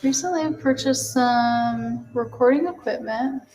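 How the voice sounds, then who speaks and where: A woman with a fairly high voice chats casually while cooking on a livestream. She laughs at her own mistakes and answers viewers' comments in a loose, self-mocking way. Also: measured pace, a little mellow, low-quality recording. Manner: chatty, self-mocking, reads chat aloud and answers.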